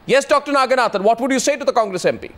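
Commanding very high-voiced male moderator. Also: racing, fairly bright tone. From India. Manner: commanding, presses for answers. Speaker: debate moderator. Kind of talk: televised political debate moderation.

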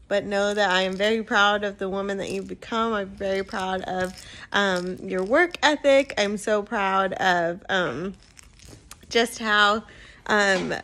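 A woman's voice: medium pitch, a bit bright. A woman recording a birthday message as an aunt, speaking tenderly and coaxing her small children to join in. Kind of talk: casual home video message.

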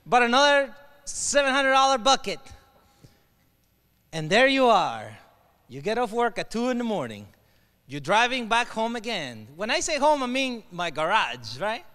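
High-voiced man with a Mexican accent. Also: moderate pace. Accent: Mexican Spanish. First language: Spanish. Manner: animated storyteller, asks the crowd questions, slips into Spanish. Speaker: motivational keynote speaker. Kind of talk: storytelling keynote speech. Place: large hall with an audience. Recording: long hall reverb.

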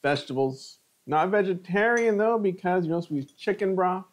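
A middle-aged man with a high, fairly quick voice hosts a live cooking stream. He chats casually and savors each bite of food between his remarks.

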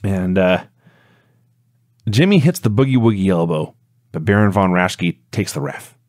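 Low-voiced man recapping a match. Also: unhurried, no room sound, clean studio sound. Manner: steady storytelling recap. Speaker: podcast co-host. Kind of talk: casual play-by-play recap.

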